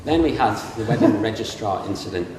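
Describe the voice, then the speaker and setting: Animated and brisk, with a fairly low pitch, a middle-aged English best man tells funny stories from memory in his wedding speech, doing the voices of the people in them. It takes place in a large reception room at a castle, and the recording is distant, echoey and full of room noise.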